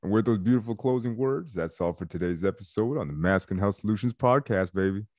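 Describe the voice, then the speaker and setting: Low-voiced relaxed podcast host. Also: male voice, fast talker, no echo, studio quality. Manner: relaxed, agreeable, laughs along. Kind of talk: casual podcast conversation.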